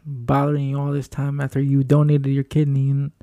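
A man hosting a casual interview, relaxed, restarting his questions. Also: medium pitch, fairly quick, dry recording, clean studio sound. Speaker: host, interviewer.

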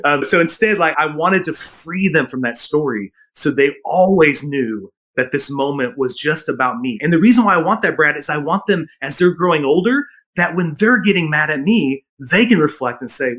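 A middle-aged man, a parenting coach, telling stories in an earnest, animated way during a casual interview. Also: fairly high pitch, normal speed. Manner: earnest storytelling with frequent laughs.

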